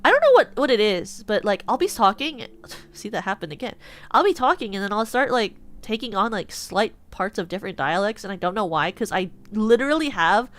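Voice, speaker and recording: A woman's voice: mid-range voice, animated, brisk, fairly bright tone. Chatty West Coast American woman streamer. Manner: rambling, chatty, many fillers and restarts. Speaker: VTuber streamer. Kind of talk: casual chat.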